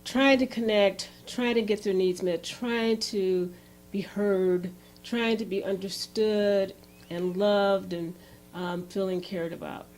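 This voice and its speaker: A woman presenting a relationship workshop who tells an example story in a lively, animated way. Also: medium pitch, slow pace, a little hiss or hum. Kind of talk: storytelling lecture.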